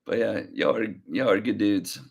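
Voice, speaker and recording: A young man hosting a casual livestream, talking slowly and easily with a slight drawl, rambling as he reads viewer comments aloud. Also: fairly low pitch, creaky, breathy edge. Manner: slow, easygoing drawl. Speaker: livestream reseller host.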